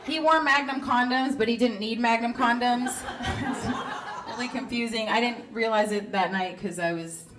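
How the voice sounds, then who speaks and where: Her voice a little high and her pace moderate, a thirtysomething woman delivers a brash, foul-mouthed, self-mocking comedy set, laughing as she goes. She's on a comedy club stage, captured in a noisy live recording.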